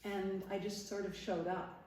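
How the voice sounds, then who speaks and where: A woman's voice: medium pitch, little pitch movement, measured pace, darkish tone, a little hiss or hum. A middle-aged woman from Nova Scotia speaks to a live audience in a parish hall, telling her stories with energy and often laughing. She acts out the voices of the people she quotes. Her voice carries a heavy hall echo and sounds distant from the mic. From Nova Scotia, Canada. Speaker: guest speaker, former TV interviewer. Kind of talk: storytelling talk to a live audience. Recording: echoey hall, voice from far off.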